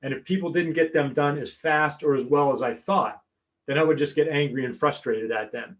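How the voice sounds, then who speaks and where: An American man gives a conference talk remotely, his voice sitting a bit high for a man. He talks in a loose, chatty way, stumbling and restarting phrases. The audio is muffled and lo-fi, as from a video call. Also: a little fast. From United States. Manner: chatty, frequent restarts and fillers. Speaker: keynote speaker.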